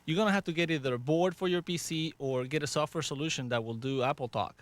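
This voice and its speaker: A man's voice: a little high, fast. Good-humored male tech expert. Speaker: Mac expert on a talk show. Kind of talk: live radio talk show answers.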